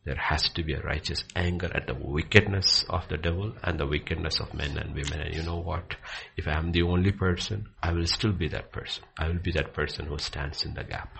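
A man teaching from the Bible with passion, dropping to hushed near-whispers and then rising to loud, excited bursts. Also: a bass voice, brisk, gravelly, hardly any pauses, slight background noise. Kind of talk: impassioned preaching in conversation.

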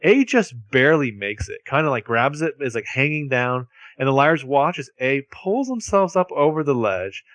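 Man, medium pitch, lively intonation, dead-dry sound, podcast co-host narrating plot. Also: moderate pace, hardly any pauses, no echo, highs cut off. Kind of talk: casual recap chat.

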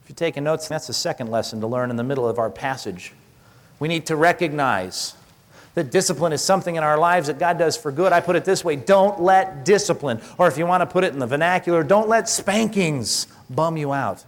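A man's voice: fairly high pitch, a little fast. Man preaching in a reverberant hall. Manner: conversational preaching with rhetorical questions and animated acted-out quotes. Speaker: pastor. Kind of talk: sermon.

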